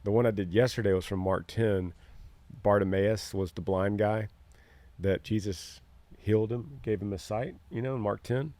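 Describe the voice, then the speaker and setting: Middle-aged man, earnest podcast storyteller, lowish voice, dry close mic. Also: normal speed, mellow, no room sound. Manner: earnest storyteller, acts out quoted lines. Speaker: podcast co-host. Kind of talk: casual podcast chat.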